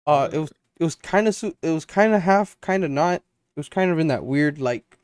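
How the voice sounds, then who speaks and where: A man's voice: a little high, lively intonation, fairly quick, clear, resonant tone, no room sound, studio quality. A young man co-hosting a podcast, telling a long story in a rambling casual way and acting out his friends' lines. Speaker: podcast co-host.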